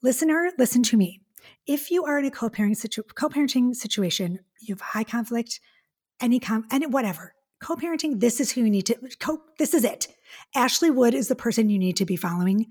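A woman hosting a relationship podcast, effusive and chatty, talking in quick asides and gushing over her guest. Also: a little high, lively intonation, darkish tone, breathy edge. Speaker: podcast host.

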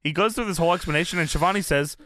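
A man's voice: fairly high pitch, very fast, pushed and bright, no echo. A man co-hosting a casual podcast chat, laughing often and acting out quotes in put-on voices. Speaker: podcast co-host. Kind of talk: casual chat recapping wrestling.

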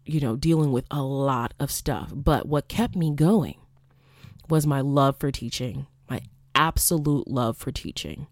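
A young woman who used to teach college hosts a candid storytelling monologue, profane and animated, acting out quoted exchanges. Her voice is rumbling and low, her pace a little slow, and the sound is clean studio audio with no echo.

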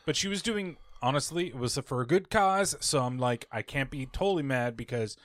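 A man's voice: mid-range voice, lively intonation, moderate pace, a bit bright, no room sound, clean studio sound. A man hosting a casual podcast, joking around, swearing freely and laughing often. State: hiccuping. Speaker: podcast host. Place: indoor studio setup.

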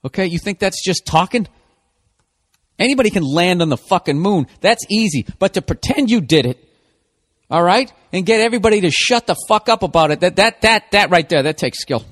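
A middle-aged man hosting a podcast, delivering a profane comedic rant that swings from loud outbursts to low mutters. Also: lively intonation, a little fast. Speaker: podcast host.

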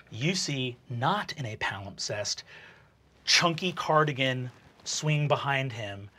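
A man narrating as game master of a tabletop game, casual and quick, with fillers. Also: medium pitch, expressive, pushed and bright.

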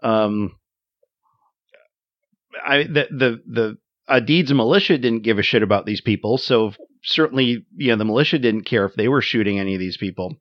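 A man's voice: mid-range voice, normal speed, no room sound. A man in casual conversation, talking thoughtfully with frequent fillers and restarts. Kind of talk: casual conversation about a war film. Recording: slightly dull, dry sound.

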